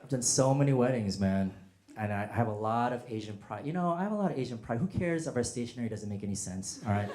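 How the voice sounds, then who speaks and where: A male stand-up comedian doing a set, animated and acting out quoted voices with loud bursts. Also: medium pitch, fast, background noise. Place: comedy stage before a live audience. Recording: echoey hall, audience laughter. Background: audience laughter.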